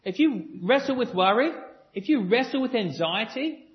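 A man's voice: very high-pitched, lively intonation, moderate pace. A man preaching a sermon to a congregation, earnest and emphatic, repeating his phrases and joking with the crowd. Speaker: pastor. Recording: dull lo-fi sound.

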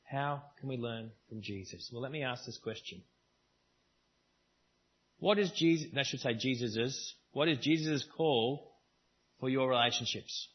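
A man's voice: medium pitch, unhurried, long pauses, husky, muffled recording. A man preaching a sermon at a church service, in a conversational style with varied emphasis. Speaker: pastor.

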